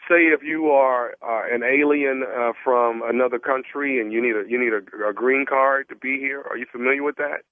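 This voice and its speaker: A man making a prank phone call, posing as a salesman with an earnest pitch full of stumbles and restarts. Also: fairly even intonation, normal speed, hardly any pauses, dry recording. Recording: tinny phone line.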